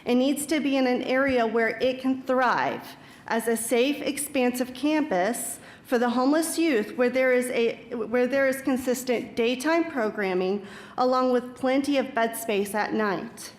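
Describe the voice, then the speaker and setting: Woman reading a prepared public statement. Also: a little high. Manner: measured, formal, reads with small stumbles. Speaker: public commenter. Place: city council chamber. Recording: echoey council chamber.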